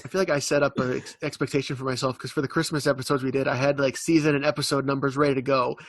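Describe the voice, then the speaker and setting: A man's voice: mid-range voice, flat delivery, rapid-fire, no echo. A young man co-hosting a podcast, rambling through a retelling with lots of fillers in casual chat. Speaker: podcast co-host.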